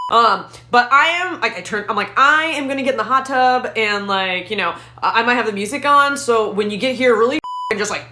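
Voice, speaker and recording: A woman tells a rowdy, swear-filled story in stand-up style. Her voice is somewhat high and very bright. It rings with a roomy echo. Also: fairly quick, hardly any pauses. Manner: profane, animated storytelling. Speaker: stand-up comedian.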